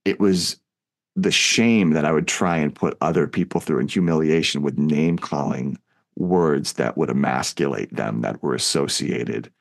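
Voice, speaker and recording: A man's voice: moderate pace, vocal fry. A man co-hosting a film podcast, talking casually and reflectively about a movie and his own past. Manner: reflective, acts out quoted lines with big pitch jumps.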